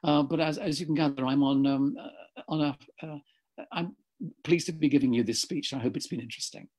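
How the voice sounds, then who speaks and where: A slightly hoarse man giving a discursive lecture over a video call, often correcting himself mid-sentence. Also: fairly high pitch, a little fast, darkish tone.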